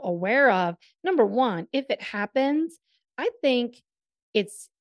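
A woman co-hosting a casual chat, explaining advice in a measured, steady way. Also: mid-range voice, no echo, clean studio sound. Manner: measured, explanatory, gives tips. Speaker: co-host.

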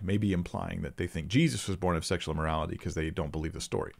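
Man, low voice, Bible Q&A host, casual teaching, thinking aloud, restarts sentences. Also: fairly even intonation, fast, creaky. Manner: thinking aloud, many restarts, reads scripture aloud. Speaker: Bible Q&A host answering viewer questions.

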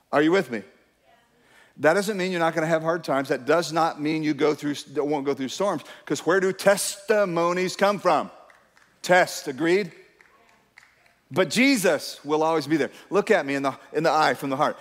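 A man's voice: a little high, normal speed, in a large hall. A middle-aged man preaching a sermon as pastor, emphatic and urging his congregation to respond. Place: church.

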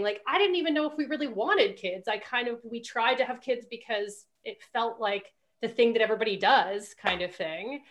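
A woman hosting a podcast, chatting casually with friends and telling stories quickly, with many restarts. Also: on the high side, a bit bright. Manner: rambling, fast storytelling with many restarts. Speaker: podcast host. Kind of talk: casual chat among friends.

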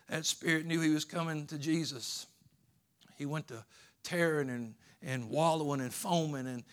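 A pastor preaching a sermon to his church in a folksy, plainspoken way, rising into loud pleading cries and shouts. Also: fairly high pitch. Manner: folksy Southern-style grammar like ain't and gonna. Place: church sanctuary.

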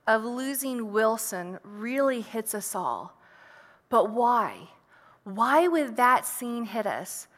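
A woman's voice: a little high, bright, forceful tone, big-room sound. A woman preacher giving an earnest, reflective sermon, posing rhetorical questions to her listeners.

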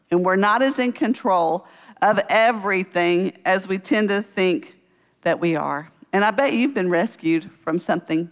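A woman speaker at a church gathering, telling a humorous personal story with acted-out quotes before moving into Bible teaching. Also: on the low side. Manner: lively, humorous storyteller who acts out quotes. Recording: long reverb of a hall.

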